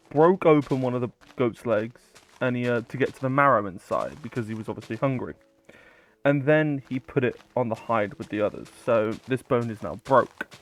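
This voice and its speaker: A man casually retelling a myth, rambling with many fillers and casual swearing. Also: mid-range voice. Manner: rambling, filler-heavy, loose paraphrase. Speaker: storyteller.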